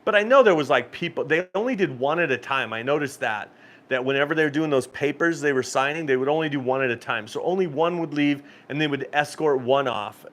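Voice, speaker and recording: A man's voice: a little high, a little fast, fairly bright tone. A man hosting a cruise channel live stream, telling stories in a rambling, casual way with frequent laughs and restarts.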